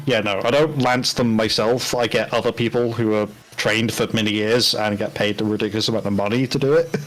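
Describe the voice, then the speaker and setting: A British man with a lowish voice and a steady tone talks a little fast while chatting casually on a live hobby painting stream. He swears freely and laughs often.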